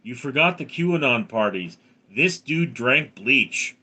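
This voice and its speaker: Slow, bright-voiced man in his thirties. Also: mid-range voice, animated. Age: 30s. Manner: reads viewer names and answers with crude jokes. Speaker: live streamer. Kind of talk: casual live-stream chat.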